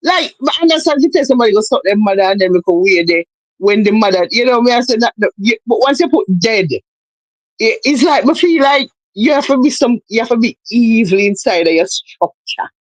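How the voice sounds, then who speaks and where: A woman's voice: on the high side, animated, fairly quick, dry recording, rough recording. A woman, chatting casually and giving emphatic, opinionated commentary. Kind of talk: casual chat.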